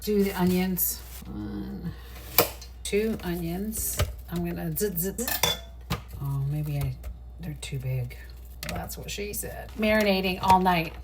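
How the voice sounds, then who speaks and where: A woman's voice: lowish voice, takes it slowly, long pauses, recorded from a distance. A middle-aged woman chatting casually and swearing freely to a phone camera while she cooks in her home kitchen. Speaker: home cooking vlogger. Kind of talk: casual kitchen vlog chat. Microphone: phone on a tripod. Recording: phone mic from across the kitchen with background noise.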